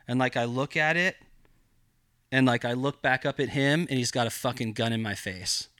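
A man's voice: medium pitch, moderate pace, fairly bright tone, dry recording, clean studio sound. A man guesting on a podcast, telling a story in casual style with heavy swearing and lots of rambling filler. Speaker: podcast guest, cannabis grower.

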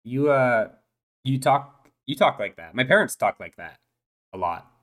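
A man's voice: medium pitch, expressive, a little slow, fairly bright tone, pitched above the performer's own voice. A man voicing an eight-year-old uplifted dolphin boy in a tabletop role-play, talking hesitantly with lots of stammers and restarts. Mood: hesitant, nervous. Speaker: player.

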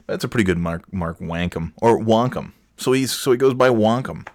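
Male solo podcast host, lowish voice, sarcastic and rambling, lots of fillers, dry recording. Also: moderate pace, few pauses, darkish tone, no room sound. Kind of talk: casual solo monologue.

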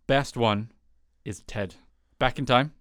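A man co-hosting a podcast in a casual chat, eager and quick to agree. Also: mid-range voice, a bit bright, no room sound, studio quality. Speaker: podcast co-host.

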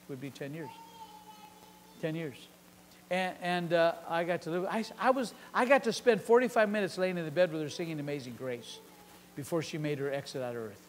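High, bright preacher in an echoing hall. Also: male voice, lively intonation, moderate pace. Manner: dramatic, acts out the Bible characters' lines. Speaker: pastor. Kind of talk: sermon.

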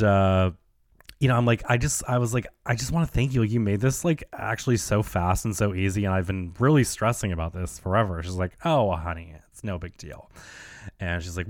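A man's voice: fairly low pitch, no room sound, studio quality. A man hosting a podcast alone, telling a story in a loose, campy way and saying "like" constantly. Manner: chatty, heavy on "like", campy slang. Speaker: podcast host. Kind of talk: casual solo storytelling.

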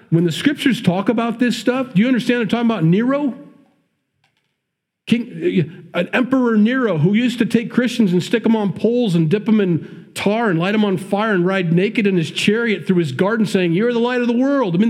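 A man's voice: sits high, moderate pace, a little mellow. A man with a Midwestern accent preaching a sermon, reading scripture and breaking off into conversational, emphatic commentary. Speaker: pastor.

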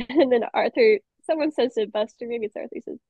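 A woman's voice: a little high, brisk, breathy edge, no echo. A young woman co-hosting a casual podcast, talking enthusiastically with some laughter. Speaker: podcast co-host. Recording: slightly muffled dry mic.

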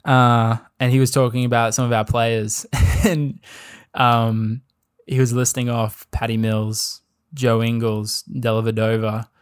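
A young man with an Australian accent chats loosely about his team, stringing thoughts together with constant "like" and "um". His voice sits at an ordinary middle pitch, unhurried and conversational, the easy talk of a podcast host. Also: level tone, smooth. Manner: rambling, filler-heavy with frequent "like" and "um". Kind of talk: casual sports chat.

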